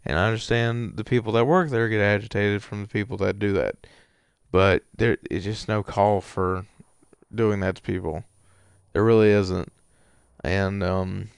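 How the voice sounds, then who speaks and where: Gravelly man telling a story. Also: fairly low pitch, dry recording, clean studio sound. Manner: rambling, full of fillers and restarts. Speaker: streamer answering viewer questions. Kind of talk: casual storytelling.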